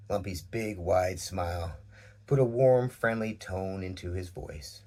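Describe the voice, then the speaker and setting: Husky, low-voiced male storyteller. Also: measured pace, a little mellow. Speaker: narrator. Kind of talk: storybook narration.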